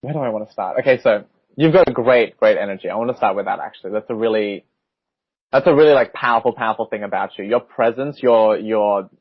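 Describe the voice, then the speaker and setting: A man's voice: fairly low pitch, fast, no echo. A young Australian man in his twenties, a spiritual guide giving a casual reading, laughing between phrases. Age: 20s. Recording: muffled lo-fi call audio.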